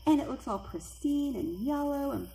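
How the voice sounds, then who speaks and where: A middle-aged woman telling a personal spooky story, lively and acting out the voices of the people in it. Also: moderate pace, gravelly, a little hiss or hum. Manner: animated, acts out quoted voices with big pitch jumps. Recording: echoey room with faint ambience.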